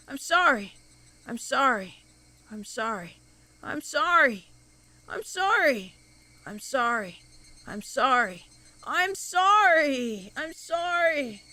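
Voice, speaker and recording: A paranoid young narrator from a horror game, voiced by a woman reading aloud, delivers each line with mounting dread. The voice sits high and bright, yet it sounds haunted. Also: exaggerated voice.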